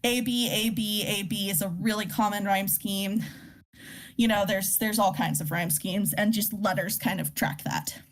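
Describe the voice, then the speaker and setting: A woman with a mid-range voice, speaking at normal speed, runs an informal poetry workshop live. She explains terms with plenty of fillers and restarts and reads poems aloud.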